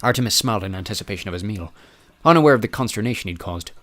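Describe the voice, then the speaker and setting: A man's voice: on the low side, expressive, racing, fairly bright tone. Man reading an audiobook. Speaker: audiobook narrator. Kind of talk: scripted narration.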